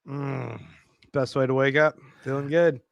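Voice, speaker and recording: A man's voice: mid-range voice, steady tone, a little slow, gravelly, dull audio. A man playing a tabletop game, joking goofily in character. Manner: goofy, joking in-character player. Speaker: player.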